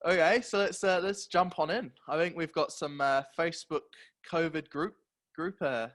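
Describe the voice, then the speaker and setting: A man's voice: fairly high pitch, fairly even intonation, moderate pace, fairly bright tone. A young man, co-hosting a casual podcast, joking while he introduces the segments. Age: young adult. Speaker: podcast co-host. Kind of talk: casual chat.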